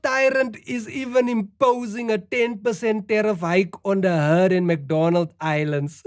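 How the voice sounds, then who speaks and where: A woman's voice: medium pitch, steady tone, measured pace, hardly any pauses, no echo, studio quality. A woman, playing a comedy news anchor who delivers a satirical news sketch with mock-newscaster timing.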